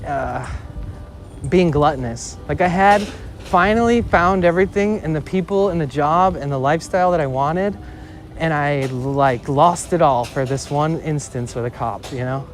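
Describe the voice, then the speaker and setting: A man's voice: a little high, normal speed, faint music behind. A man in his twenties telling a personal story in a casual, rambling way, swearing and saying "like" often while streaming outdoors on a city street. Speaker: IRL streamer.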